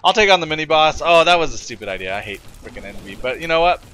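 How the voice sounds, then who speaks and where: A man's voice: a little high, animated, racing, bright, forceful tone, slight background noise. A man from the United States chatting to viewers while playing a game, rambling with lots of fillers and restarts. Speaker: let's play gamer. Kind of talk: casual gameplay commentary.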